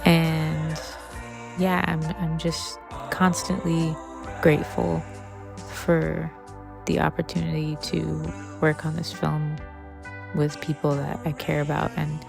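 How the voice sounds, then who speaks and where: A woman director talks slowly and warmly through a makeshift podcast intro, rambling with fillers. Her voice sits low and flat, with a heavy gravelly fry. Music plays clearly behind her. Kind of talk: casual spoken introduction.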